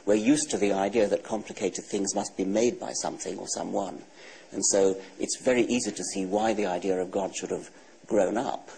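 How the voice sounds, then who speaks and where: A man in his sixties with an English accent, a guest author answering questions in a TV studio interview in a measured, dry, matter-of-fact way. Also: sits low, fairly even intonation, gravelly, warm tone, slight background noise, rough recording. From England. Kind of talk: TV talk show interview.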